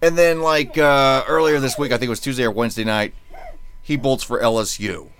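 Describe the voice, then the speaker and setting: A man's voice: mid-range voice, a little fast, a bit bright, slight background noise. A man co-hosting a podcast in casual chat, rambling and sarcastic, often restarting his phrases. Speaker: podcast co-host.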